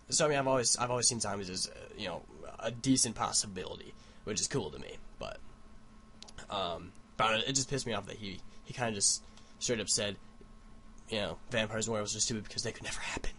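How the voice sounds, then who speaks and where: A man's voice: medium pitch, a bit bright, a little hiss or hum. A young man vlogging at home, telling a rambling, profane story into his computer mic. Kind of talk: casual rant.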